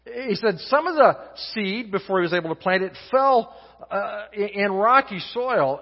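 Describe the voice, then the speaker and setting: A male guest pastor preaching a sermon in an earnest, halting way, with many restarts and swings between loud and soft. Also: high voice. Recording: muffled sound in a reverberant hall.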